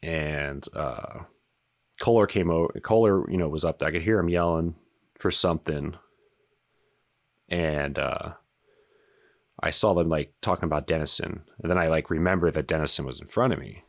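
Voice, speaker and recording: A man in his thirties with an extremely deep, low voice tells his story as a podcast guest. He talks casually and haltingly, full of fillers and blunt swearing. The sound is close and dry, with no room echo. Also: creaky. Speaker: podcast guest, retired soldier.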